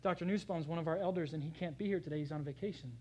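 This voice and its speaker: A pastor gives a sermon in a warm, conversational way, talking straight to the congregation. The voice sits in a middle pitch range. It swings between loud, emphatic scripture readings and quiet, hushed asides. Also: rapid-fire, a little hiss or hum, rough recording. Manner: conversational, addresses the congregation directly.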